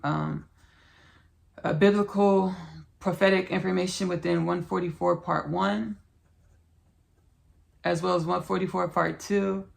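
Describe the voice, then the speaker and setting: A woman with a fairly low, gravelly voice hosts a spiritual podcast about channeling. She speaks earnestly and preachily, repeating herself often.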